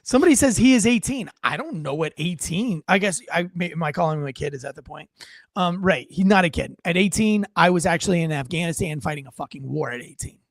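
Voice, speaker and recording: A young man co-hosting a podcast, talking in an animated, emphatic way and reading comments aloud. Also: a little high, fast, no echo. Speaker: podcast co-host. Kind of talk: casual opinion chat.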